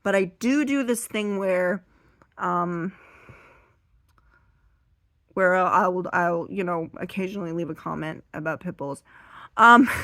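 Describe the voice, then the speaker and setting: A woman telling a rambling, self-deprecating stand-up story while seated, now and then bursting into loud high acted voices, her voice a little strained. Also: no room sound. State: strained voice from being too loud. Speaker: stand-up comedian.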